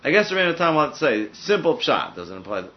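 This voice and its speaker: A man's voice: a little high, very animated, racing. A man teaching a casual Talmud study session, thinking aloud and peppering his points with "I mean" asides. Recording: dull lo-fi recording.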